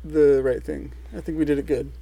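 A man's voice: a little high, level tone, brisk, creaky, mellow, dry recording, poor audio. A man co-hosting a podcast, chatting casually in an easygoing, hesitant way. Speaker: podcast co-host. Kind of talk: casual chat.

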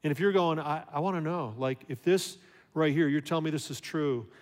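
A man's voice: a little high, fairly quick. A man preaching a sermon as a pastor, talking conversationally and asking his listeners questions. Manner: conversational, animated, rhetorical questions. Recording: long hall reverb.

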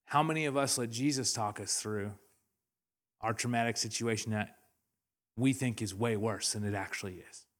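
A man's voice: on the low side, normal speed, a bit bright. A young adult man from Canada preaching a sermon, telling stories animatedly with laughter and acted-out quotes. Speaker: pastor. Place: church hall.

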